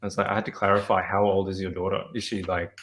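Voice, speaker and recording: A man on a casual author panel, talking in an easygoing way and letting his sentences trail off softly. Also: deep voice, little pitch movement, quick pace.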